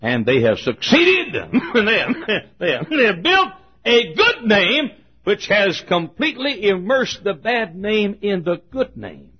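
An older man preaching a fervent sermon as pastor, swinging from shouted exhortation to low, quiet asides. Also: huge pitch swings, unhurried, breathy edge. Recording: dull lo-fi sermon recording.

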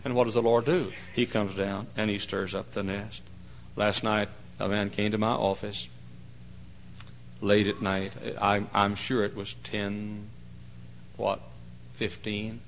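A male pastor preaching a folksy, emphatic sermon that swings into loud cries. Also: fairly low pitch, little pitch movement, measured pace, pauses often, slight background noise.

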